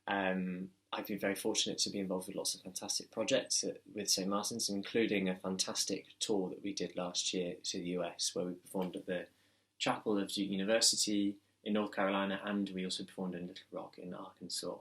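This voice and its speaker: Chatty male tenor, bright crisp tone, relaxed home intro. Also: low-pitched, fairly quick. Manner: friendly, chatty. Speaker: tenor choir singer. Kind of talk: casual spoken introduction.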